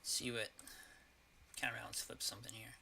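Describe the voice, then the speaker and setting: A man talks through his card game as he plays, weighing each choice out loud with pauses and fillers. His voice has a very bright, sharp edge. A faint hiss of noise sits behind him. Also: lowish voice, flat delivery, creaky. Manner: thinking aloud, hesitant, with fillers and swearing. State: has the hiccups. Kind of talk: casual gameplay commentary.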